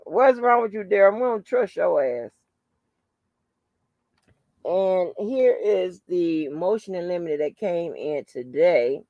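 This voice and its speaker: A woman's voice: lowish voice, animated, slow, darkish tone, no echo, highs cut off. Blunt, profane woman chatting on a live stream. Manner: greets viewers by name, blunt and profane. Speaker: channel host. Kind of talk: casual live-stream chat.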